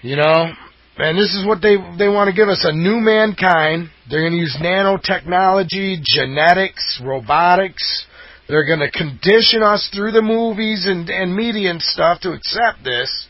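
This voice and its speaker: A man's voice: high-pitched, moderate pace, dry recording. A man delivering a fired-up, rambling monologue as host, emphatic and insistent. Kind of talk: impassioned conspiracy monologue. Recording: dull lo-fi audio.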